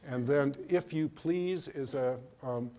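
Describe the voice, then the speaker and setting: Older man, artist's slide talk, halting, lots of ums, mid pitch. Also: warm tone. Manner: hesitant, full of ums and restarts. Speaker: artist giving a museum talk. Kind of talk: slide lecture.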